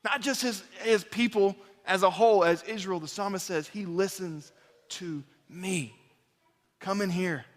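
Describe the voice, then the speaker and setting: Earnest preacher in a reverberant sanctuary. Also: male voice, sits high, measured pace. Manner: earnest, building to emphatic repeated phrases then dropping quiet. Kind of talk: sermon. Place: large church sanctuary.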